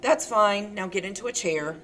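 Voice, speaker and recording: A woman voicing a grieving, unstable woman who pleads and insists, lifted slightly above the reader's own pitch. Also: normal speed, fairly bright tone, distant mic, a little hiss or hum, lightly acted. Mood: brisk.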